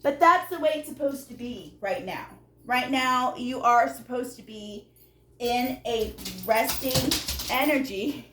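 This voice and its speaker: A woman with a slightly high voice gives a casual spoken tarot reading. She is emphatic and a little salty, addressing the viewer directly and checking in with them often. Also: measured pace, noisy background. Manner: animated, emphatic, repeats "okay?" to the viewer; blunt and salty, talks straight to the viewer. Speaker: tarot reader.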